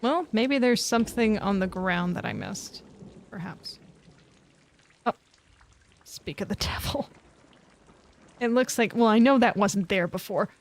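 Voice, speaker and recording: A woman's voice: mid-range voice, very animated, unhurried, long pauses, a little hiss or hum. A woman streaming a horror game, reading its text aloud, talking to herself and panicking and swearing at the game. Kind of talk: live gameplay commentary.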